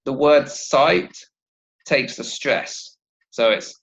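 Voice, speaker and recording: A man teaching an English vocabulary lesson, slowly modelling pronunciation and asking learners to repeat. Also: medium pitch, vocal fry, a bit bright, dull audio. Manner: slow, deliberate, models pronunciation for repetition.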